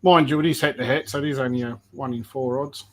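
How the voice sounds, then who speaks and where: A man's voice: mid-range voice, steady tone, quick pace, a bit bright, poor audio. A man breeding snakes, chatting casually and explaining genetics step by step while he works on a livestream.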